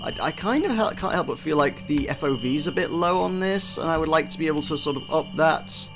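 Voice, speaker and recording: A man's voice: fairly high pitch, expressive, brisk, over music. Chatty man giving gameplay commentary. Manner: chatty, self-deprecating, frequent restarts. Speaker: game reviewer.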